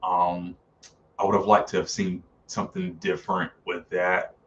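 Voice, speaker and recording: A man's voice: deep voice, completely flat delivery, normal speed, fairly bright tone, far from the mic, dull audio, slight background noise. A man reviewing films in a casual live stream, chatty and full of fillers, often acting out characters' lines. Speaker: film reviewer.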